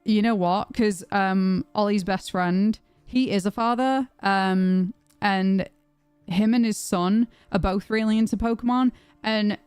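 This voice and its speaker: Streaming from her home, a young woman talks with viewers in a medium-pitched, clear, resonant voice at a measured pace, cursing and reading their chat out loud in an animated way. The recording is dry, and faint music plays behind her.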